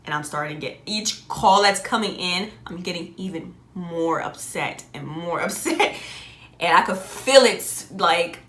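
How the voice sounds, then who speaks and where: A young adult woman telling a personal story in a casual, animated way, often laughing and jumping up high on exclamations. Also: a little slow, echoey room. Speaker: vlogger.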